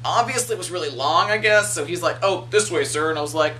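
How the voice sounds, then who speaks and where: Young man, early twenties, animated vlog storyteller, bright tone, slightly distant mic with faint hum. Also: on the high side, fast. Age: 20s. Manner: animated, swears freely, acts out quoted people. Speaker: video blogger. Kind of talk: casual storytelling rant.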